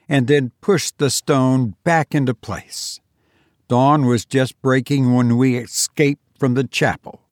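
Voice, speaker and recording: A man narrating a story as an audiobook, with a measured and deliberate delivery and a voice of ordinary middle pitch. The recording is dry and close, with no room echo at all.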